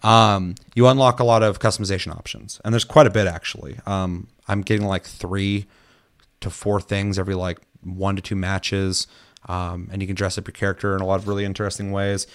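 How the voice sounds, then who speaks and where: A man's voice: low-pitched, fairly quick. A man in casual chat, telling game stories with lots of swearing and acted-out quotes. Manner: animated storytelling, swears a lot, acts out quotes.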